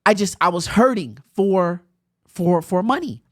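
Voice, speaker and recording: A woman's voice: on the low side, a little slow, no room sound, studio quality. A young adult woman hosting a podcast, telling a personal story in a conversational way with bursts of laughter. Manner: animated, conversational, laughs while telling stories. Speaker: podcast host.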